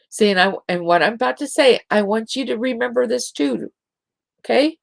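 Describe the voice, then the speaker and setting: A middle-aged woman hosting a spiritual talk show, speaking in a slow, gentle and encouraging way to her listeners. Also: on the high side, expressive, gravelly, no echo. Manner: gentle, encouraging, drawn-out delivery with soft giggles.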